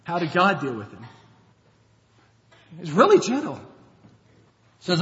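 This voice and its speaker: A man's voice: high voice, huge pitch swings, takes it slowly, long pauses, pushed and bright. A man preaching a sermon as a pastor, earnest and conversational, acting out quotes as he goes. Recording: dull lo-fi sound with long hall reverb.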